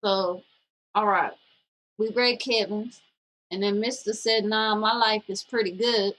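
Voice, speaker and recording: A woman co-hosting a loose, casual chat show, reading viewer comments aloud one after another. Her delivery is blunt and teasing, with a voice of ordinary middle pitch. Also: steady tone, a little slow, fairly bright tone, rough recording. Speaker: co-host.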